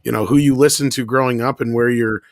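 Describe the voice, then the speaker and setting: A man's voice: medium pitch, fairly even intonation, fast talker, no room sound, clean studio sound. A man co-hosting a review roundtable, easygoing and joking. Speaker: co-host.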